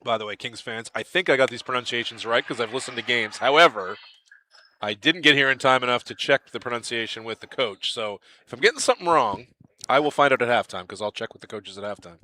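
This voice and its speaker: A man calling a live basketball game play-by-play, lively and chatty, with excited calls on big plays. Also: medium pitch, fast, slight background noise. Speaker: play-by-play commentator.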